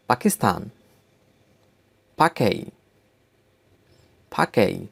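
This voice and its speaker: A man teaching a language lesson, speaking slowly and deliberately and repeating each word for learners. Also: medium pitch, big pitch swings, gravelly. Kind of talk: slow spoken language lesson.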